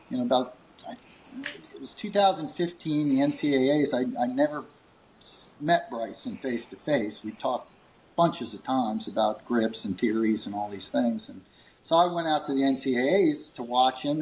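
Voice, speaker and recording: A man's voice: slight background noise, low-quality recording. A man who runs a grip company, telling a long story in an interview, acting out quoted lines and chuckling between fillers. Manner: animated, acts out quoted dialogue with pitch jumps.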